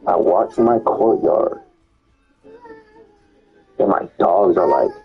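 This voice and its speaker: A young man telling a wild personal story in casual chat, excitable, swearing and stammering through repeated words. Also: deep voice, slow, vocal fry, muffled recording, faint music behind.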